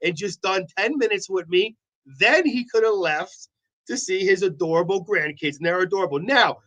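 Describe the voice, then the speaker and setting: A man's voice: sits high, moderate pace, a bit bright, rough recording. A man co-hosting a local morning show, joking and playfully defending himself in studio banter. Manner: playful, mock-defensive teasing.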